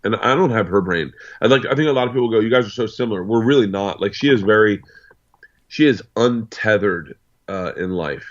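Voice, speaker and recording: A man's voice: lowish voice, animated, moderate pace, lo-fi sound. A man in his forties, a guest on an interview show, telling rambling anecdotes full of asides. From United States. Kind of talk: casual storytelling.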